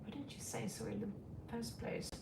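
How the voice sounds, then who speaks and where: A woman's voice: moderate pace, distant mic, noisy background. A middle-aged woman reading tarot and chatting casually on a stream, rambling and frank, calling her listeners sweetie. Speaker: tarot reader. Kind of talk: casual livestream chat. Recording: roomy echo, away from the mic.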